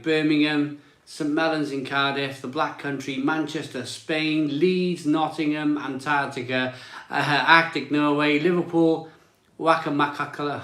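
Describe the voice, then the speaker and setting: A man's voice: a little high, a bit bright, echoey room. Chatty man hosting a beer live stream. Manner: chatty, greets viewers and reads out chat comments. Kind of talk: casual live stream chat.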